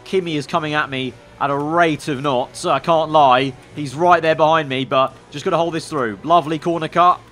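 A man commentating his own racing game run, excitable and breaking into loud exclamations when things go wrong. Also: on the high side, fairly quick, hardly any pauses. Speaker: gaming YouTuber.

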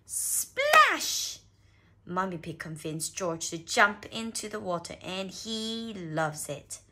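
Slow, expressive woman reading a storybook. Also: on the low side, slight background noise. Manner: slow, expressive read-aloud with small slips. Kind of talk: reading a children's picture book aloud.

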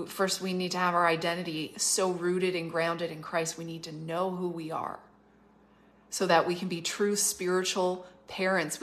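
A middle-aged woman from Canada giving livestreamed prophetic teaching, emphatic and fervent, slowing down to stress key phrases and rushing through asides. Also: on the low side, fairly bright tone. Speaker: prophetic minister and school leader.

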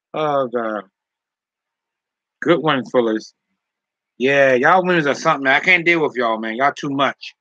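Casual male streamer reading chat; teasing, laughs a lot; sharp tense tone on a dull lo-fi mic. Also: medium pitch, lively intonation, slow pace, long pauses, no room sound. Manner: teasing, joking, laughs often.

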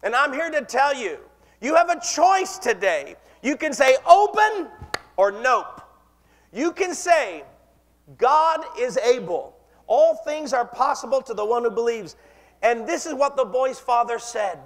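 High-voiced pastor preaching in a hall. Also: male voice, lively intonation, unhurried. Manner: impassioned preaching, leads call-and-response. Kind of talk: sermon.

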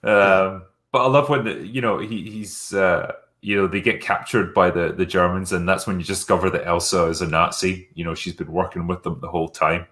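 A man's voice: deep voice, fairly even intonation, brisk, few pauses, fairly bright tone. A man chatting casually about a film, rambling with lots of fillers and laughing often.

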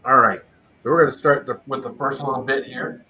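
On a casual livestream, a man tastes spicy food and chattily greets viewers by name as he eats, speaking a little fast in a mid-range voice with fairly even intonation. The stream audio is dull and lo-fi, with crowd noise.

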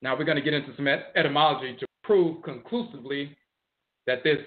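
A man giving a lecture on history and word origins, slowly explaining, repeating and spelling out terms. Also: mid-range voice, fairly even intonation. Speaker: teacher of ancestral religion. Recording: tinny phone-like audio.

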